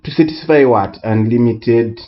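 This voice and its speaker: A man tutoring economics in a recorded lesson, speaking deliberately and repeating key words for emphasis. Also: medium pitch, muffled recording. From Southern Africa.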